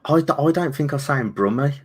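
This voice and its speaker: A man with a Birmingham accent, hosting a casual live stream chat, animated and repeating his words. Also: mid-range voice, fast talker, breathy edge. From Birmingham, England. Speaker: channel host.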